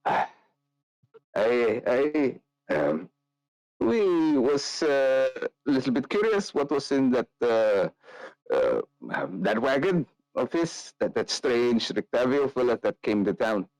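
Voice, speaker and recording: A man's voice: medium pitch, very animated, slow pace, a little mellow, no echo, voice pushed up, poor audio. Man doing a drunk, leering tavern brawler. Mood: conspiratorial. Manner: slurring, boastful, leering. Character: drunk rowdy male brawler Nikolai.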